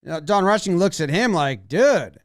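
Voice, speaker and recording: Brief: male baseball analyst, high, bouncy voice, dry close sound, playful play-by-play breakdown. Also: moderate pace, smooth, no echo. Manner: animated, acts out players' imagined lines.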